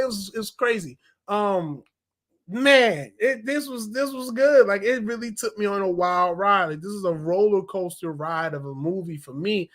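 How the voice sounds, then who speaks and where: A man reviewing a movie in casual, slangy talk, acting out quotes in an animated way. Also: high voice.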